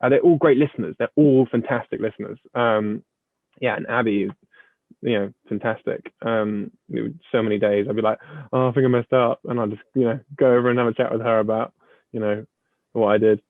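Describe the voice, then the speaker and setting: A young actor chatting in an interview, rambling and modest with frequent stuttered restarts. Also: male voice, lowish voice, fairly even intonation, brisk, no echo. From United Kingdom. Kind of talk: casual interview chat. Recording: tinny phone-like line.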